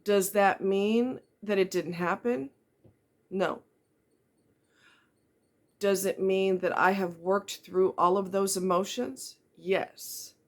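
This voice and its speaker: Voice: medium pitch, fairly even intonation, slow, pauses often. Middle-aged vlogger, earnest and blunt, talks straight to the viewer with pointed questions. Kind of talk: candid personal monologue.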